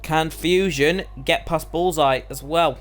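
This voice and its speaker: Guy doing live sim racing commentary, bright punchy voice, gets hyped on overtakes, a bit of music in the back. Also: a little high, slow pace. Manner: excitable, voice climbs during overtakes. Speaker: lead commentator for an online sim racing league.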